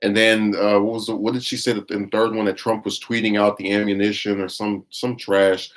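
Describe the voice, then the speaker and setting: A man's voice: lowish voice, little pitch movement, brisk. Blunt, rambling male stream commentator. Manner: blunt, scornful and rambling, with frequent restarts. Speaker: livestream commentator. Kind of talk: casual live-stream commentary, reading chat.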